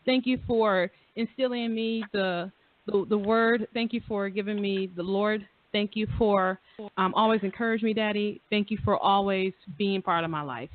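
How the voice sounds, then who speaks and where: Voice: medium pitch, steady tone, moderate pace, no echo. A radio talk show host chatting in a casual, effusive way, full of fillers and repeated phrases. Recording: dry phone-line audio.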